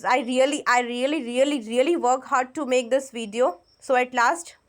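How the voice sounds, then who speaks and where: A woman's voice: high-pitched, fairly even intonation, normal speed. A woman with an Indian accent giving an online literature exam lecture, explaining step by step and correcting herself as she goes. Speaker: exam prep teacher.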